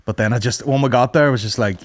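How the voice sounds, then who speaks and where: A man's voice: medium pitch, fast, no echo. A young man co-hosting a podcast, bantering crudely in casual comedy chat. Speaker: podcast co-host.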